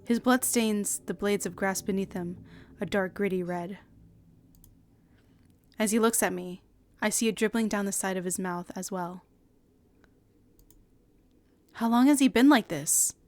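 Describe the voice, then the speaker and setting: A young woman streamer reading a visual novel aloud, with dramatic, shouting outbursts and laughing reactions. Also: mid-range voice, normal speed, a little hiss or hum. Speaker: virtual streamer.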